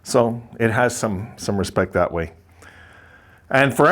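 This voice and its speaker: A man hosting a casual hockey video, ranting with lots of repetition and mocking others in a high voice. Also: very animated, a little slow. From Buffalo area, Sabres fan. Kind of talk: casual opinion monologue.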